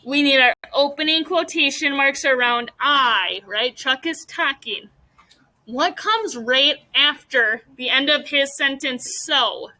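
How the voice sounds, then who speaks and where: A young woman teacher with a high, bright voice runs a classroom mini lesson. She guides students patiently, step by step, calling on them with questions. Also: slow, low-quality recording.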